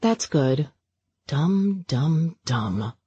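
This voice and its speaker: A woman's voice: low-pitched, expressive, unhurried, a little mellow, no echo, muffled recording. A woman voicing a nervous, flustered young woman who talks in awkward, rambling bursts. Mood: embarrassed. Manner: awkward, rambling, self-conscious.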